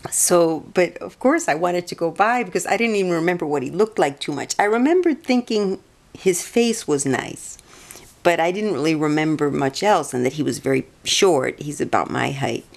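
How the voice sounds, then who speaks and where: A rambling, chatty woman with a notably low-pitched voice. She tells a personal story casually and keeps doubling back and restarting her sentences. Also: animated, normal speed, vocal fry. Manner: meandering, chatty, many restarts. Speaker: vlogger.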